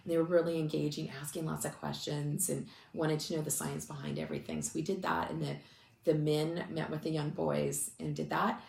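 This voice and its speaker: Woman speaker w low gravelly voice, rambly chatty storytelling, kinda teary, echoey room. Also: lively intonation, fairly quick, a little mellow. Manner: chatty, many restarts and fillers. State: emotional, close to tears. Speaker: ministry speaker. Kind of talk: casual storytelling talk. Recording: echoey room with faint noise.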